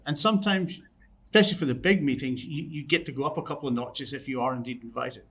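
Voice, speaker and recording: A man's voice: medium pitch, fast, a bit bright, breathy edge. A man hosting a business podcast, recalling discussions and asking the guest questions. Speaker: podcast host. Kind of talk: podcast conversation.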